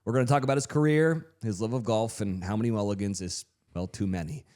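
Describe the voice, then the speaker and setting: A man's voice: lowish voice, fast talker, warm tone. A man hosting a podcast, reading an upbeat introduction with jokey asides. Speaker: host.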